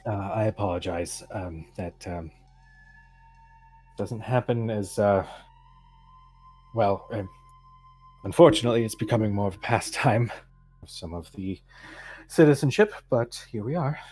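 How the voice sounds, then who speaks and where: Courteous temple priestess, voiced by a male game master, formal and apologetic, gently hesitant. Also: lowish voice, a little slow, pauses often, slightly rough, faint music behind. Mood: gentle. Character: patient, polite female temple priestess.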